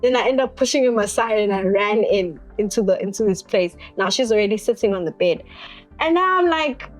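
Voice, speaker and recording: A woman's voice: medium pitch, expressive, fairly quick, faint music behind. A young woman tells a personal story as an interview guest, acting out the other people's lines as she goes.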